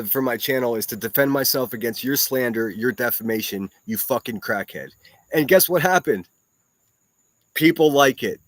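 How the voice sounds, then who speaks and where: A man's voice: mid-range voice, dry recording. Profane, combative man with dry sound. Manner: combative, heavily profane, mocking insults. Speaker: solo livestream podcast host. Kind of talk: ranting commentary reacting to clips.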